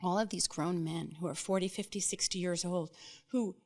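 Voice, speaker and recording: Kadın, kırklarında, sert ve coşkulu konuşan sunucu. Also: female voice, on the low side, steady tone, moderate pace, a little mellow. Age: 40s. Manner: emphatic, blunt, swears freely, frequent "right?". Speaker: podcast host. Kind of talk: casual interview chat.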